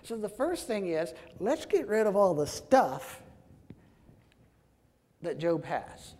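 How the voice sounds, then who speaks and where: A man's voice: sits high, very animated, slow pace, a little mellow. A man leading a group Bible discussion, emphatic and calling on class members by name. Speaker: Bible study teacher. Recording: long reverb in a large room.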